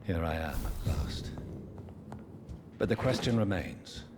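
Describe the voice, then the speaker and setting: A man's voice: deep voice, animated, a little slow, background noise. An actor playing a grave, introspective male doctor turned vampire in a video game. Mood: brooding. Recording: game music behind.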